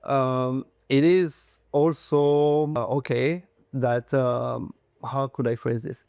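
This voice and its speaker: French-accented guy talking shop, smooth clear voice, lots of uhs, dry close sound. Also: mid-range voice, slow pace, hardly any pauses, a little mellow, no room sound. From France. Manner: chatty, hesitant with many uh fillers, self-joking. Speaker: luxury real estate agent, guest. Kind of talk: casual interview chat.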